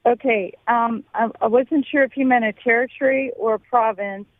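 A woman's voice: on the high side, fairly even intonation, normal speed, no echo. A woman from Canada with a Canadian accent, calling in to a radio trivia show and chatting easily. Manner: chatty, uses local slang. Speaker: caller. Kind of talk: phone-in call. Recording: tinny phone line.

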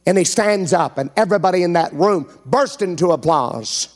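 A man's voice: high-pitched, lively intonation, normal speed. A man preaching a fervent sermon to a congregation in a church, calling for responses and acting out scripture scenes. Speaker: evangelist preacher.

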